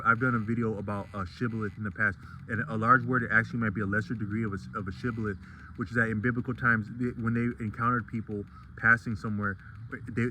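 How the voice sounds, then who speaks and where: A man's voice: fairly low pitch, bright, forceful tone, slight background noise, poor audio. A man talking through a casual vlog monologue, digressive and full of restarts and fillers. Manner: rambling and digressive, many restarts.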